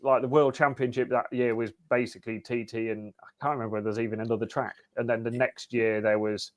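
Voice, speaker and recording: A man sits in as a podcast guest and chats in a relaxed, conversational way. His pitch sits in an ordinary middle range. He makes wry, dryly humorous remarks as he talks. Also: fast. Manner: easygoing, wry and chatty with a dry humour. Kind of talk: casual interview chat.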